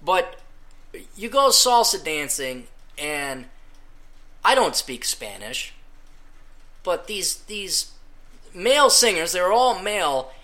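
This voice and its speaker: Man, podcast host, casual rant, sarcastic, mocking, very bright high voice. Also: sing-song, slow, pauses often. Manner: sarcastic, mocking, sings parody snippets. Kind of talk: casual ranting monologue.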